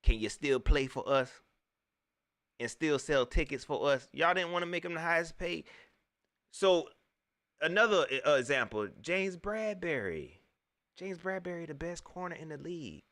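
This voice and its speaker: Animated man ranting about football. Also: fairly high pitch, moderate pace. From Southern United States. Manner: animated, preachy, repeats his points, slangy. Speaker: sports vlogger, fan commentator. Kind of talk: ranting fan commentary.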